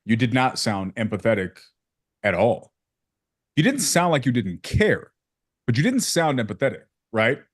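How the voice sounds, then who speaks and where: A man gives blunt feedback on a sales call, mixing slang with quick acted-out examples. His voice sits at an ordinary pitch and sounds close and dry, with no room around it. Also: breathy edge, no room sound. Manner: direct, animated coaching with acted examples; casual slang, calls people bro. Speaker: sales coach. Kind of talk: feedback session.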